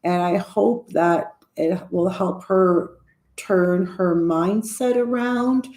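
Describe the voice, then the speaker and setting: Talking slowly in a low, darkish voice, a sixty-something woman addresses her YouTube camera in an easygoing, sincere vlog. She keeps breaking off, restarting, and wandering back over what she was saying.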